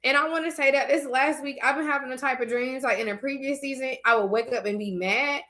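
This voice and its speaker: A young woman shares her faith in a casual vlog, talking frankly and turning to her viewers as if chatting with friends. Her voice sits a touch high and rings bright and forward. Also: a little fast. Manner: candid, conversational, addresses viewers directly. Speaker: faith vlogger.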